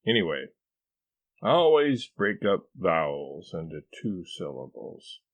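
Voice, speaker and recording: A man voicing a pompous, eccentric husband who lectures in a drawn-out, know-it-all way in a storybook reading. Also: sits low, sing-song, no echo, muffled recording, heavily acted. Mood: lecturing.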